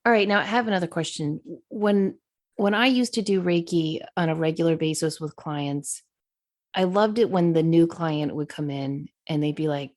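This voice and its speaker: A woman's voice: deep voice, normal speed, darkish tone. A woman co-hosting a podcast who asks curious questions and tells stories from her own practice. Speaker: podcast co-host. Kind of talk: casual spiritual chat.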